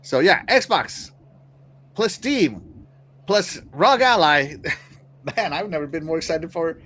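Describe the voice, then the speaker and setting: A man hosting a podcast in casual chat, animated, laughing often and shouting out viewers. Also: a little high, slow pace. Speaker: podcast host.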